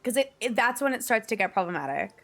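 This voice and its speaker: Here a young streamer from around New York and New Jersey talks fast and very animatedly to viewers as she games, with vocal fry in her higher-pitched voice. She laughs often and swears without holding back, over soft background music.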